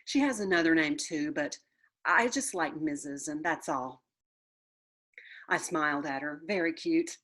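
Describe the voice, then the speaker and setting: A woman reading a children's book aloud with playful, expressive storytelling. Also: low voice, measured pace, long pauses. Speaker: storybook reader.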